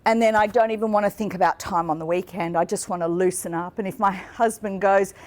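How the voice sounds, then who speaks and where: A middle-aged woman giving a live business seminar to an audience with slides, lively and playful, slipping into mock voices for the people she describes. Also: mid-range voice, brisk. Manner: lively, playful, mimics people in quoted asides. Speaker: business coach and speaker. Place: conference room with an audience.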